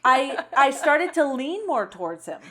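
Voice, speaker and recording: A middle-aged woman co-hosting a podcast in casual chat, lively and quick to act out lines in voices. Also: high-pitched. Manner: animated, acts out lines from the film in voices. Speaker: podcast co-host.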